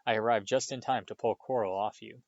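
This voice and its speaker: A kindly old male headmaster wizard speaks in a gentle, measured, wry way, as a man reading aloud puts him on. His voice sits low. The recording is dull and dry. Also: steady tone, vocal fry, no echo. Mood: calm.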